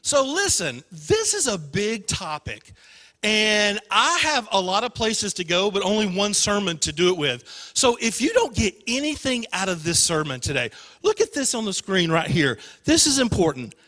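A young man, a youth pastor, preaching a sermon in a church, telling a story in an animated, self-deprecating way. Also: high voice, moderate pace, in a large hall. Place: church sanctuary.

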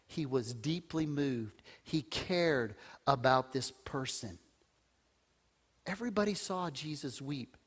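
A woman preaching a sermon, telling a scripture story with animated delivery and dropping to a hushed voice for solemn verses. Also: very deep voice, a little slow, breathy edge.

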